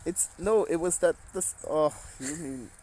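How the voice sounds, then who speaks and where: Irish man telling a lively story. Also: on the high side, unhurried, a little hiss or hum. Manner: animated storyteller who laughs and quotes others. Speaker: co-host, husband. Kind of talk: casual chat, storytelling. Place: garden outdoors. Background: faint outdoor ambience.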